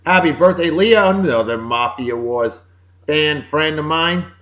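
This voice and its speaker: A man with a Boston accent hosting a casual show, giving upbeat, jokey birthday shout-outs. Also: on the high side, unhurried, muffled recording. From Massachusetts. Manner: upbeat, jokey, sing-song greetings. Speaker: podcast host.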